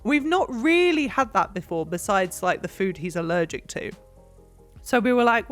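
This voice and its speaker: With faint music in the background, a young English woman streams and cleans, rambling casually and giggling often. She speaks at normal speed in a medium pitch with lively intonation, bubbly and full of fillers.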